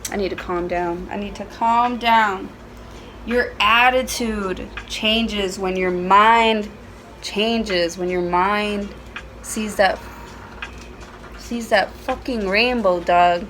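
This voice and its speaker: A woman's voice: medium pitch, fairly even intonation, very slow, a bit bright, slight background noise, low-quality recording. A woman giving a casual tarot reading at home, chatty and playful, with frequent swearing. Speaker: tarot reader.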